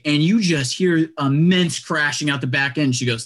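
A man telling a long story in casual chat, animated and acting out what people said, with lots of "like" and quick restarts. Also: on the high side. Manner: animated, acts out quotes, lots of "like".

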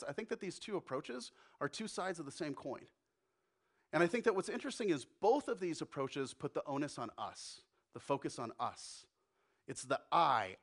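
A man preaching a sermon as pastor, conversational and animated, acting out quotes. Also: a little high.

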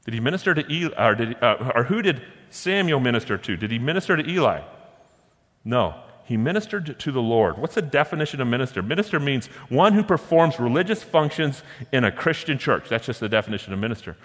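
A man's voice: medium pitch, very animated, a bit bright. A male pastor delivers a sermon in an ordinary mid-range voice, asking the congregation rhetorical questions and drawing out key scripture words. His voice rings with the long reverb of a large hall. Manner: preaching with rhetorical questions, slowing down to stress verses.

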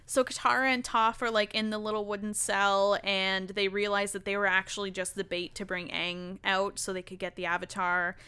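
A woman's voice: mid-range voice, flat delivery, normal speed, few pauses, bright, forceful tone, clear, resonant tone. A woman co-hosting a podcast, casually recapping episodes with lots of ums, likes and swearing. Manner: loose and profane, many ums and likes. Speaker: podcast co-host.

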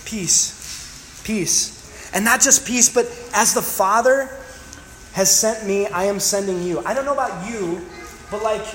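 Animated joking pastor in an echoey hall. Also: male voice, high-pitched, normal speed, a little hiss or hum. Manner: animated, joking, acts out scenes. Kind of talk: sermon. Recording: echoey hall with faint room ambience.

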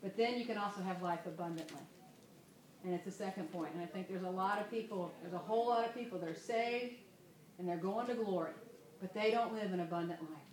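A woman leading an informal Bible study, emotional, moving between soft asides and loud exclamations. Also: medium pitch, brisk, echoey room.

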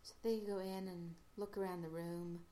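A woman casually retelling an episode's plot as a podcast host, halting often with fillers and restarts. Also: lowish voice, level tone, dark tone, slight background noise.

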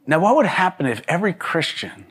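A man's voice: a little high, big pitch swings, brisk, a bit bright, husky. A man preaching to a congregation in a loose, conversational way, with joking asides and frequent restarts. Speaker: pastor. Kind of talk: conversational sermon.

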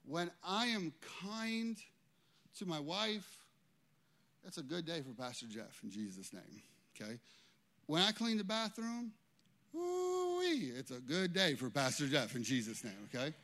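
A man preaching a sermon as pastor in a church, emphatic and animated, often checking in with "okay?". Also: fairly high pitch, unhurried.

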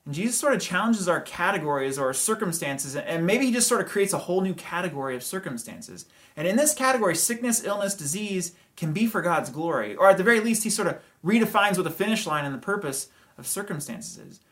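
A pastor works through a passage in a relaxed, chatty sermon, his pitch sitting at middle height. He preaches conversationally, hedging, chuckling and peppering his talk with rhetorical questions and quick asides.

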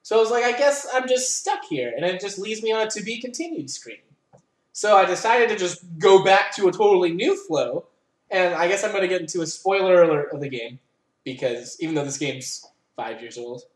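Young adult rambling and swearing through a story, lots of "like", mid pitch, echoey room. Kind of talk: casual chat. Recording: roomy echo.

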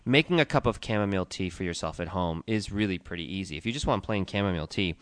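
Low smooth-voiced man explaining tea. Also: expressive, quick pace, a bit bright, dry recording. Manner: explanatory, lists facts steadily. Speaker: podcast co-host, tea shop owner. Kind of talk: casual informational chat.

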